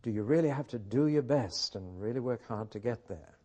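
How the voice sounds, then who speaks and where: Lively man teaching scripture. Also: medium pitch, brisk. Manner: emphatic, rhetorical questions, storytelling. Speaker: Bible teacher. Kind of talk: teaching talk with anecdotes.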